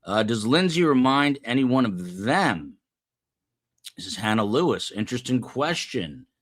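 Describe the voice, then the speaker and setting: A man's voice: medium pitch, big pitch swings, unhurried, a bit bright. A man from the United States hosting a live stream, rambling casually and chatting with viewers. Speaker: livestream host. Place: upper floor of a building.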